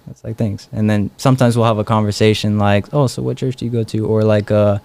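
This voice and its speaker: A man's voice: on the low side, steady tone, fast talker, vocal fry, a little mellow. A young man, a street evangelist, telling stories in a casual interview, full of fillers and acted-out dialogue. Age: young adult. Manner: rambling, many fillers and quoted dialogue.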